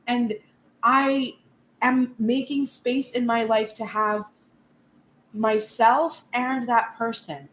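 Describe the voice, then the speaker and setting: In a tarot reading vlog, a woman speaks at length in a reflective, earnest way. Her voice sits a little high and is steady, slow and slightly bright. The room is echoey, with faint noise in the background.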